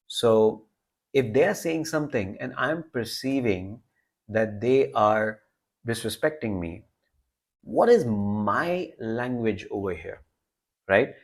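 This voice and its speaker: Young guy w a lowish voice chatting advice to camera, keeps saying right? and you know. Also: animated, measured pace. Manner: conversational, with frequent "right?" and "you know" asides. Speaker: self-improvement video host. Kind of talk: casual direct-to-camera advice talk.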